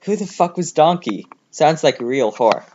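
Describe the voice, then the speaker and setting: A man's voice: on the high side, animated, normal speed. A man reading fan fiction aloud as a comedy host, commenting in a sarcastic, mocking way. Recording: slightly dull home recording with faint noise.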